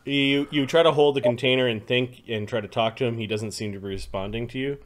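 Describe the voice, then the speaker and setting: A man's voice: mid-range voice, steady tone, fast talker. A man narrating a tabletop game as game master, describing scenes with frequent ums and restarts.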